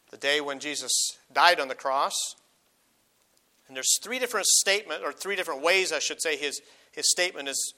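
A middle-aged male pastor preaches an earnest sermon with a very bright, forceful tone. His voice sits a little higher than most men's. He slows and lifts his voice on every scripture he reads aloud. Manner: earnest, slows and rises on quoted verses.

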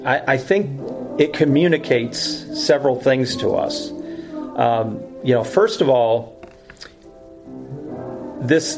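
A man delivers a verse-by-verse Bible teaching in an earnest, explanatory way, stopping to clarify and correct himself. His voice sits at an ordinary middle pitch. Music plays steadily in the background. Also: poor audio.

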